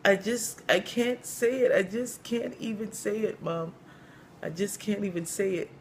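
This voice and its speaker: A man voicing a young pregnant wife who is crying and ashamed, speaking in halting, broken phrases in a comedy bit. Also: fairly high pitch, slight background noise, voice pushed up. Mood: tearful. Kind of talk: comedic storytelling.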